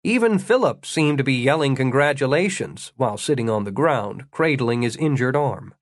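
A man's voice: mid-range voice, lively intonation, moderate pace, dry recording. Man narrating a story with dry humor. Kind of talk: audiobook narration.

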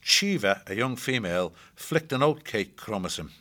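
A man narrating an audiobook with a measured, expressive reading. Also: lowish voice.

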